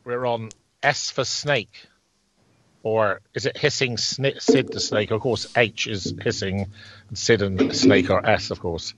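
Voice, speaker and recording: A man's voice: on the low side, fairly even intonation, unhurried, muffled recording, background noise. A man chatting casually as co-host, hesitant, with many fillers and restarts. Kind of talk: casual chat.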